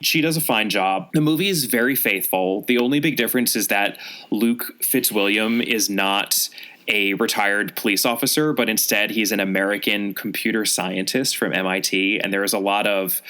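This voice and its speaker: A man co-hosting a podcast, chatting about a mystery novel in an animated, wry, gossipy way. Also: fairly low pitch, normal speed. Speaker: podcast co-host. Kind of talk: casual chat review.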